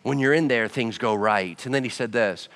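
A man preaching a sermon as pastor. He talks in a lively, conversational way and acts out little dialogues. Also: medium pitch, normal speed, long reverb tail.

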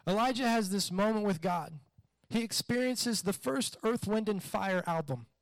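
High-voiced man preaching casually. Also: normal speed, no room sound. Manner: conversational, animated preaching with repeated questions. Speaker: pastor. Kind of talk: sermon.

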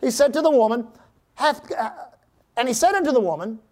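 A middle-aged man preaching a sermon, calling out to the congregation, reading scripture aloud and at times breaking into shouts. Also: very high voice, expressive, a little fast. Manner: preaching with call-and-response to the congregation; reads scripture aloud in old-fashioned wording. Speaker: pastor.

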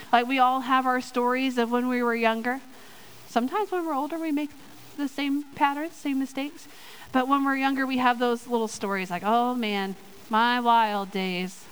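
A woman giving a sermon and reading a Bible story aloud, lively and playful with joking asides. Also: sits high, clear, resonant tone, low-quality recording. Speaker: church speaker in children's ministry.

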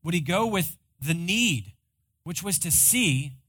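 A male pastor preaching a sermon, retelling a story dramatically and swinging between loud and hushed. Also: high voice, animated, slow pace, slightly rough, no echo.

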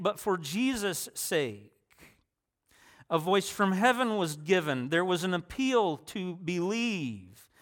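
A man delivering a sermon, reading Bible passages and unpacking them for his listeners. His voice sits a little high for a man. On quoted lines he lifts his pitch and volume for emphasis. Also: fairly bright tone. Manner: reads scripture aloud with rising emphasis on quoted lines. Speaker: preacher. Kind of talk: sermon reading and explaining scripture.

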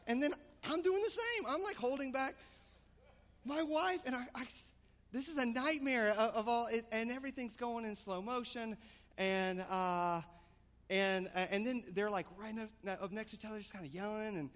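Male pastor, slightly high voice, lively storyteller, long hall echo. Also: normal speed. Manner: animated storytelling, rising excitement. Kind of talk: sermon with personal story.

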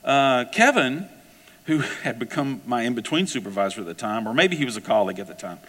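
A man preaching to his congregation, spinning a personal story with lively, conversational energy. His voice sits at an ordinary middle pitch and carries the long echo of a large hall. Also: fairly quick. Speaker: pastor. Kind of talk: sermon.

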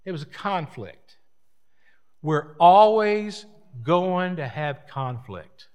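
A man's voice: a little high, sing-song, slow, a little mellow, clean tone. A man preaching a sermon as pastor, folksy and rambling, with repeated words and chatty asides.

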